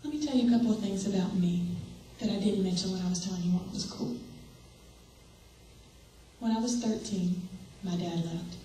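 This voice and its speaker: A woman's voice: fairly low pitch, dark tone. Young woman, earnest sermon, direct questions to the crowd, heavy echo, distant mic, faint room noise. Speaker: speaker. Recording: echoey hall, voice from far off.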